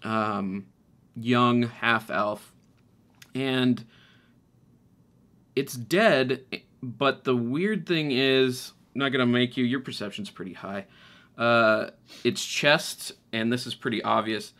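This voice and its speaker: Slow, bright-voiced game master man. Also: mid-range voice. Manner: hesitant, many fillers and restarts. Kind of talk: narrating a tabletop game.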